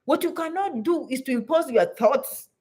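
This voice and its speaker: A high-pitched woman speaks straight to her viewers. She is blunt and emphatic, and she drives each point home by saying it again. Her tone is that of a vlogger handing out frank advice. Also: animated, moderate pace, darkish tone. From Africa. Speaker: vlogger giving advice to immigrants. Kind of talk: direct-to-camera advice talk.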